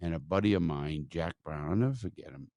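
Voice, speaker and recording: A man hosting a podcast, telling a story in a blunt, profane, animated way. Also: a bass voice, a little fast, no room sound. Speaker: podcast host.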